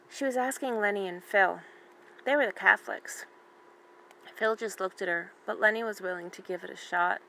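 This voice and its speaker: A woman reading a novel aloud for a library in a steady, even manner. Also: medium pitch, normal speed, vocal fry, noisy background. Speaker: library reader.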